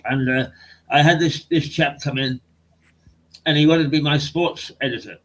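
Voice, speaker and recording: Halting older man hosting a chat. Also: on the high side, fairly even intonation, fairly bright tone, poor audio. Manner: halting, hesitant storyteller. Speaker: host and journalist. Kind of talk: casual chat on a video stream.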